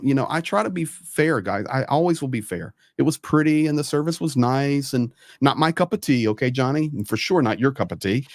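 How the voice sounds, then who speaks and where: A man hosts a casual online talk in an emphatic, storytelling manner, hammering his points home by saying them again. His voice sits at an ordinary middle pitch. The recording is dry and close, with no room sound around him. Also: dry recording. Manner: emphatic, repeats points for stress. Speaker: host.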